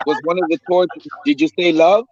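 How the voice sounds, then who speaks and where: A man in his fifties, a pastor and coach, speaking earnestly in a halting way on a call. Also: on the high side, steady tone, a little mellow, highs cut off. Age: 50s. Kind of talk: casual video call chat.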